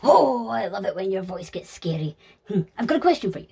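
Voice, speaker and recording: A woman voicing a chaotic, gleeful young man who talks loudly in excitable bursts in a fan audio sketch. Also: medium pitch, creaky, slightly rough, exaggerated voice. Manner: loud, excitable, rapid bursts.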